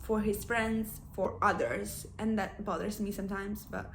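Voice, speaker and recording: A young woman in her twenties chatting casually about books she is reading, animated and openly emotional. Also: mid-range voice, unhurried, slight background noise. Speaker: book vlogger. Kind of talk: casual chat.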